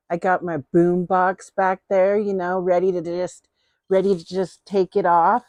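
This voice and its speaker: A middle-aged woman hosts her own vlog in an unhurried, playful, chatty way, often saying a phrase twice. Her voice sits a bit low for a woman. The sound is dry and close, with no room echo. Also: a little mellow. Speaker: host. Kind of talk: casual haul vlog chat.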